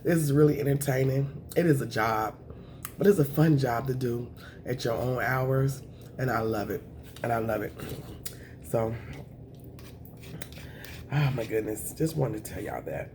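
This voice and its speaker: A woman, chatting to camera on her eating show, emotional and thankful, with a voice that is raspy at times. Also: very deep voice, measured pace, long pauses, warm tone, a little hiss or hum. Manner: emotional, thankful, says y'all often. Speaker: mukbang vlogger.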